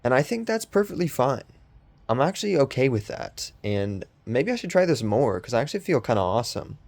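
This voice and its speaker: Hosting a podcast, this young man meanders through his talk with plenty of ums and false starts, sounding sarcastic. He speaks at a medium pitch, very animated and brisk, with a slightly mellow quality.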